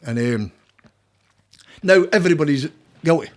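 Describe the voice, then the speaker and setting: A man's voice: a little high, expressive, moderate pace. Blunt, swearing older Scottish man. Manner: blunt, rambling, swears often. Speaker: podcast guest, campaigner. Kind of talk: casual conversation.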